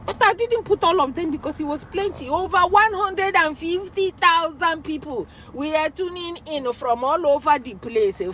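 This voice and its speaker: A woman with a Nigerian accent telling a story in an animated vlog monologue, acting out voices and slipping into pidgin. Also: high-pitched, a little hiss or hum. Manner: expressive, acts out quoted voices, mixes in pidgin. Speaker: vlogger.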